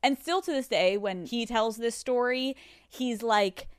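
Animated woman telling a story. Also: a little high, moderate pace, dry recording. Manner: animated, acts out voices of others, swears freely. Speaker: podcast host. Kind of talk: solo storytelling chat. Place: studio. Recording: dry studio sound.

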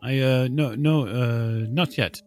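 A man voicing a dutiful middle-aged station sweeper with an Italian accent, speaking in halting, plain sentences in a tabletop game. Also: medium pitch, a little mellow, soft background music, pitched above the performer's own voice, natural voice. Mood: friendly.

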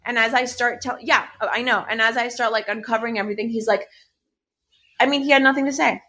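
A woman's voice: fairly high pitch, fairly even intonation, quick pace, bright, forceful tone, slight background noise. A young adult woman in casual chat, recounting a personal story candidly and heatedly, swearing often and leaning on filler words. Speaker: podcast co-host telling a personal story.

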